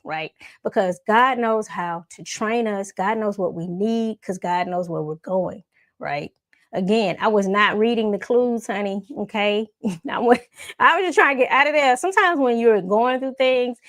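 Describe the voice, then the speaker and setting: A woman tells a personal story of faith to her viewers in a loose, conversational flow. She is animated, drops in folksy asides and laughs often. Her voice sits at a middle pitch, recorded in a dry, close sound. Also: dry recording. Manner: laughs often while talking. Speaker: faith and self-development vlogger. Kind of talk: casual storytelling to camera.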